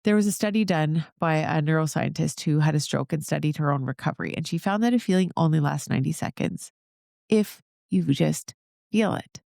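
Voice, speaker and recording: Woman podcast host, solo talk, upbeat and encouraging, slight vocal fry, dry close sound. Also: sits low, fairly quick, darkish tone, no room sound. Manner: upbeat, encouraging, talks straight to listeners.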